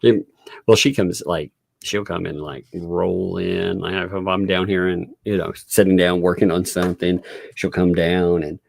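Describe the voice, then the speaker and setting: A man's voice: deep voice, steady tone, a little slow, vocal fry, no echo. A man hosting a casual live-stream commentary from home, reading documents aloud and laughing often. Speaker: host.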